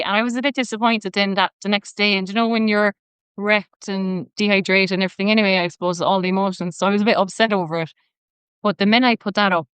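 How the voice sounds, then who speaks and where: Guesting on a podcast, this Irish personal trainer in her thirties tells chatty stories in a casual interview, leaning heavily on "like." Her voice is medium-pitched, fairly bright, clear and resonant, with no room sound.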